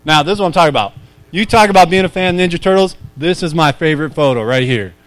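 A man's voice: a little high, fast talker, fairly bright tone. A man around thirty giving a casual, chatty sermon to a youth group, easily sidetracked and self-deprecating, often asking the room questions. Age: 30s.

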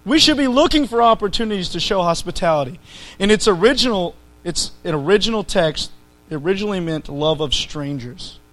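A man's voice: high voice, expressive, fairly quick, fairly bright tone, low-quality recording. A man preaching a conversational sermon to his church, rising to emphatic peaks.

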